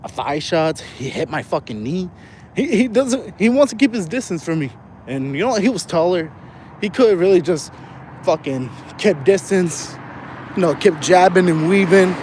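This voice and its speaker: High-voiced young man telling a rambling story. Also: darkish tone. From Southern California. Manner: rambling, profane, laughs often. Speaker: vlogger. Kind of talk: casual storytelling while walking. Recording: faint street noise.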